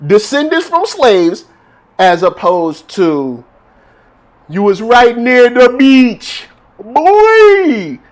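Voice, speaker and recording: A man co-hosting a loose, casual chat, his voice swooping up and down as he laughs through viewer shout-outs. His delivery is slangy and animated, never settling into a flat tone. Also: sits high, slow pace. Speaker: podcast co-host.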